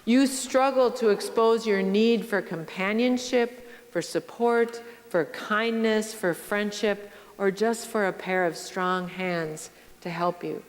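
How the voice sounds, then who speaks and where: A middle-aged woman pastor giving a sermon, telling stories slowly and reflectively and speaking straight to her congregation. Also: medium pitch. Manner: slow, reflective storytelling with direct address to the congregation. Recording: long church reverb.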